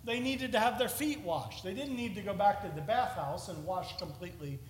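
Male preacher, high and bright, earnest expository sermon, reverberant hall. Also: normal speed, a little hiss or hum.

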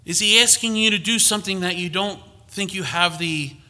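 A man's voice: high voice, moderate pace, pushed and bright. A man preaching a conversational sermon, reading scripture and rising to emphatic peaks.

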